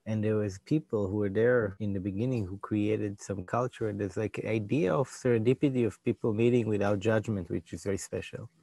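A man's voice: lowish voice, fairly quick, vocal fry, few pauses, mellow, no echo. A young man answering interview questions, often searching for words and restarting his phrases. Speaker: interview guest, digital community organizer.

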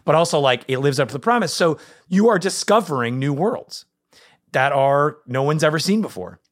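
Animated excitable man co-hosting a chat. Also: fairly high pitch, normal speed. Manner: excitable, rambling, voice jumping up when animated. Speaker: podcast co-host. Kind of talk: casual chat.

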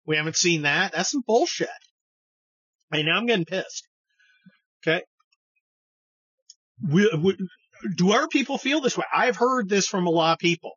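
A man's voice: sits high, animated, moderate pace, pauses often, a bit bright, breathy edge, no echo, dull audio. Blunt, profane male podcast host. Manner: blunt, profane, rambling with many restarts. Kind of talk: opinionated political monologue.

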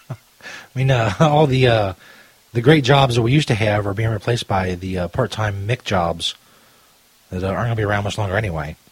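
A man's voice: fairly low pitch, brisk, long pauses, breathy edge, no room sound, low-quality recording. A man hosting a podcast in casual chat, loose and profane, reacting to clips. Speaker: podcast host.

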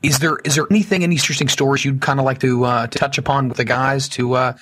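A male podcast host tosses a long, loosely framed question to his guest, padding it with filler words. He talks quickly. His voice has a husky edge. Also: medium pitch, fairly even intonation, fairly bright tone. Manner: rambling, hedging with filler words. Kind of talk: interview question.

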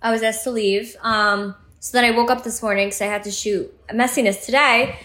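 A woman's voice: on the high side, fairly even intonation, a little fast, pushed and bright, reverberant. A woman hosting a podcast, chatting casually with short playful quips. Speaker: podcast host. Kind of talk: casual chat.

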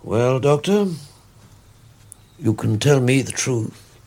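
An older man playing an anxious, protective grandfather in a vintage radio drama, halting and stammering when upset. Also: mid-range voice, lively intonation, a little mellow. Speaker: grandfather of a sick boy. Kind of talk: 1940s radio acting.

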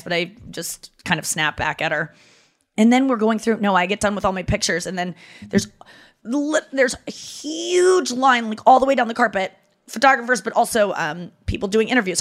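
A woman hosting a podcast, telling a story in a chatty, animated way, full of "like" fillers and wry self-mockery. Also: medium pitch. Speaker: podcast host. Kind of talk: casual comedic storytelling.

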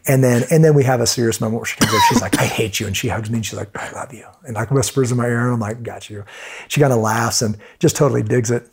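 A middle-aged man, a former Navy SEAL, telling stories as a guest in a casual interview, animated and full of restarts. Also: medium pitch, very fast, few pauses, noisy background. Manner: animated storyteller, frequent restarts.

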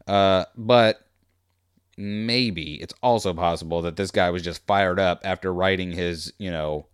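A man hosting a commentary video, reading tweets aloud and mocking them in a sarcastic, rambling way that swings between loud outbursts and muttering. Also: low voice, unhurried, clean tone, no echo, studio quality.

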